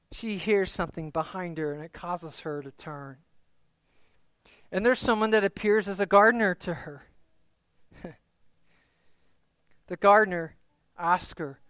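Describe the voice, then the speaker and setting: A man's voice: high-pitched, fairly bright tone, clear, resonant tone, no room sound. A male pastor preaching an Easter sermon in a loose, conversational way, joking and calling on people by name. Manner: conversational, jokey, calls out congregants by name.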